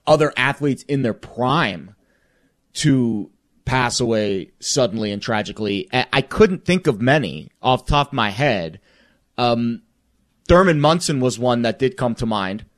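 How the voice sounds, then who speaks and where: A man with an average-pitched voice co-hosts a sports talk show. He speaks in a rambling, reflective way, full of pauses, fillers and restarts. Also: animated. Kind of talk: casual sports chat.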